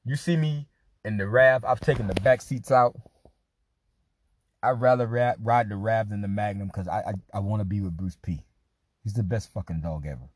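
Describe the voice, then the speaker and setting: A man's voice: on the low side, normal speed, husky. A man hosting a podcast in a loose, profane, joking monologue. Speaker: podcast host. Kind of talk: casual monologue.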